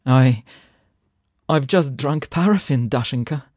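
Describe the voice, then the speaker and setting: A man's voice: mid-range voice, measured pace, a little mellow, no room sound, clean studio sound, lightly acted. A man voicing a frightened man who moans and stammers breathlessly, begging for help. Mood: moaning, pleading. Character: panicked, pleading frightened man.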